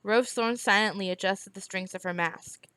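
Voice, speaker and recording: Woman, novel read-aloud, steady storytelling, mid pitch, dry close sound. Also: normal speed, clean tone, dry recording. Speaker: reader.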